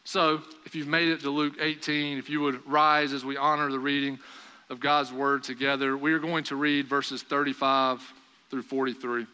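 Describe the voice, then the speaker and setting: A young man preaching a sermon, telling a story with animated storytelling and raised voices for the dialogue. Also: mid-range voice, normal speed, clean tone. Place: church sanctuary. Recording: long hall reverb.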